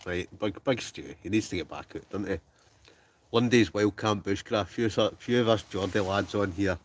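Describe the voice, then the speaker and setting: Un hombre escocés que charla en directo desde su tienda de acampada y lee los comentarios del chat entre bromas, a veces murmurando. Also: male voice, deep voice, slight background noise. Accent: Scottish. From Scotland. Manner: chatty, joking, trails off into mumbles. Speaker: wild camping livestreamer reading chat. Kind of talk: casual live-stream chat. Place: in a tent with a stove, outdoors at night.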